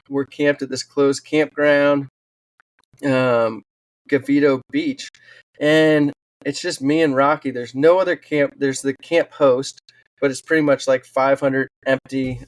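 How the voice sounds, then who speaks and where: A man speaking as a podcast guest, telling his stories in an earnest, animated way with frequent "um"s. His voice sits at an ordinary middle pitch. The recording is dry and close, with little room sound. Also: no echo. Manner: earnest, animated storytelling with fillers. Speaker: podcast guest, wildland firefighter and author. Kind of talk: storytelling in a casual interview.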